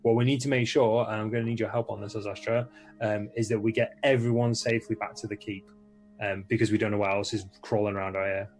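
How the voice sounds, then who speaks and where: A man's voice: fairly low pitch, flat delivery, quick pace, soft background music. A man playing a tabletop game, earnest and talking in character as he plans aloud. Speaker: player. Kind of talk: tabletop game role-play.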